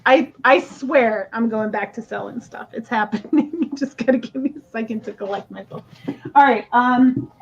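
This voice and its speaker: A woman's voice: on the high side, normal speed, creaky, slightly rough, dull audio. A woman hosting a live stream auction of stones, chatting casually and laughing often. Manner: chatty, laughs often, jokes about accents.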